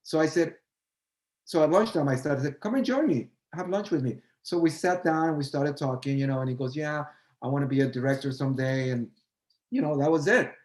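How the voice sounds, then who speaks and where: A man's voice: fairly high pitch, fairly quick, darkish tone, roomy sound, rough recording. An older man, a choreographer and guest, telling a story in a casual chat and acting out both sides of the remembered dialogue.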